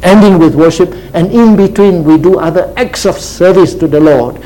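Male pastor, sermon, teacherly, repeats points for emphasis, warm tone. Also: high voice, moderate pace, rough recording. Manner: checks in with frequent "See?" and "Huh?".

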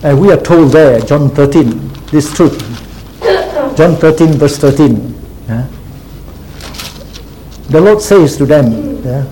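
Male pastor, sermon, teacherly, repeats points for emphasis, warm tone. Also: on the high side, takes it slowly, long pauses, slight background noise, poor audio. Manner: checks in with frequent "See?" and "Huh?".

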